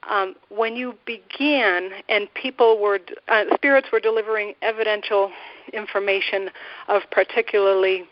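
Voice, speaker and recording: A guest asking a long, halting question, hesitant and full of pauses and fillers. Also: mid-range voice, fairly even intonation. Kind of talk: conversational question. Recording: dry, muffled lo-fi audio.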